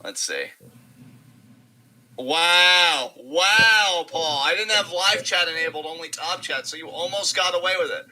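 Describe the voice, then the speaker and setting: A man's voice: on the high side, expressive, brisk, hardly any pauses, pushed and bright, low-quality recording. A man co-hosting a live wrestling reaction stream, doing sarcastic mock commentary and ironic hype. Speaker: co-host of a wrestling watch-along. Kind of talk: casual live reaction chat.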